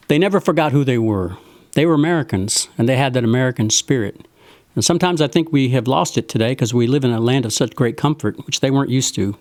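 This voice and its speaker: A man's voice: mid-range voice, darkish tone, no echo. A man hosting a virtual house concert, telling the stories behind his songs in a folksy, earnest way with some tongue-in-cheek humor. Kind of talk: spoken song introductions. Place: home, live-streamed concert.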